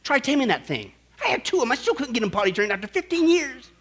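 A pastor preaching a sermon in a jokey, emphatic way, rising to loud exhortations. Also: male voice, very high voice, very animated, quick pace, husky.

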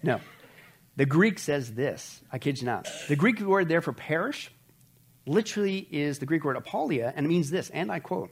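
A man with a slightly high voice leads a Bible study in a loose, conversational sermon style. He presses his points with emphasis and keeps turning to his listeners with rhetorical questions. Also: animated, normal speed, breathy edge.

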